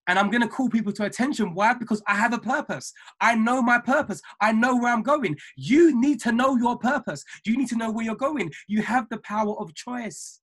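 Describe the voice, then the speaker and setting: A man giving an emphatic, repetitive motivational talk to his trading mentees over a video call, building from calm to fiery. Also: very high voice, brisk, few pauses. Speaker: trading mentor.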